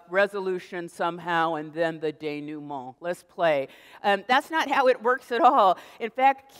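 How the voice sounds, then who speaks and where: A middle-aged American woman giving a lively public lecture, telling stories and acting out little voices. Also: fairly low pitch. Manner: animated storytelling, acts out voices. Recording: reverberant lecture hall.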